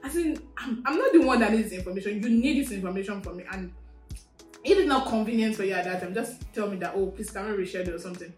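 A woman's voice: medium pitch, expressive, fast talker, darkish tone. Storytelling woman podcast guest. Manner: storytelling, acts out quoted messages, with fillers and an amused tone. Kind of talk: casual chat. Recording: echoey room with faint music.

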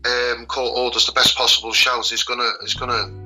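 A man with a Scouse accent talking earnestly as a guest, halting and repeating his words. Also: mid-range voice, flat delivery, pushed and bright, soft background music, poor audio. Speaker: guest, children's rights campaigner. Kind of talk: casual podcast interview.

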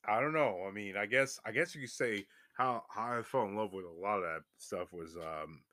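A young man casually telling a story to his viewers, animated and swearing freely, his voice jumping up when he gets excited. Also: on the low side, normal speed, dry recording, clean studio sound. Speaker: vlogger.

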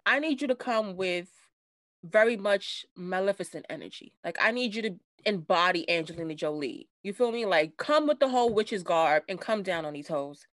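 Slangy, animated woman podcast co-host. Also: mid-range voice, no echo. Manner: animated, slangy, does voices when quoting. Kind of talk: casual recap chat.

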